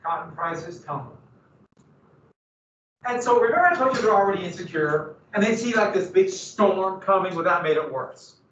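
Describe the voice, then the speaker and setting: A man teaching a history lesson to a class, lively and questioning his students. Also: sits high, normal speed, a little hiss or hum. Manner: animated, asks the class questions. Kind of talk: classroom lecture. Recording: dull, roomy, from a distance.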